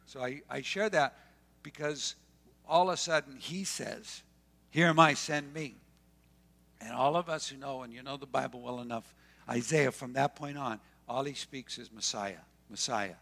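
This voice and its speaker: Man preaching, gravelly voice, impassioned, loud then hushed, long hall reverb. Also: mid-range voice. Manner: impassioned, swinging between loud declarations and hushed asides. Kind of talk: sermon. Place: church hall.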